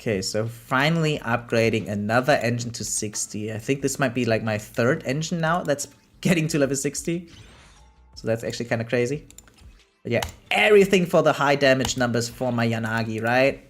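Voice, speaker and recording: A man's voice: mid-range voice, a little fast, soft background music. A man from Germany with a German accent, streaming a game live and chatting casually with his viewers, laughing often as he answers chat.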